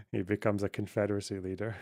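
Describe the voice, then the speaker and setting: A man's voice: lowish voice, animated, moderate pace, darkish tone. A man with a Scottish accent, casually reading and answering viewer chat on a livestream in a blunt, sarcastic, profane way. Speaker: streamer.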